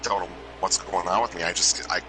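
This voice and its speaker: A man giving an emotional hall of fame induction speech, halting and restarting as he loses his train of thought. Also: low-pitched, fairly even intonation, over music. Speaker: inductee presenter. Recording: loud background noise.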